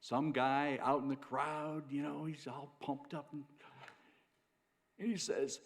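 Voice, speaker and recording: A man speaking as president of a learning organization, giving a halting welcome speech from a stage with many fillers and restarts. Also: medium pitch, flat delivery. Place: auditorium stage.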